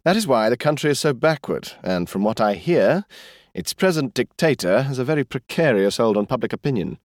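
A man's voice: medium pitch, expressive, a little fast, dry recording, pitched above the performer's own voice, lightly acted. A man voicing a weary fifty-five-year-old diplomat in an audiobook, speaking dryly and patiently. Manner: dry, patient, protesting. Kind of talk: audiobook character voice.

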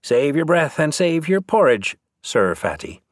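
Guy doing a cheeky little urchin boy voice, high and jumpy, fast garbled talk. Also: sing-song, no echo, studio quality. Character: scrappy ten-year-old Irish traveller boy, cheeky.

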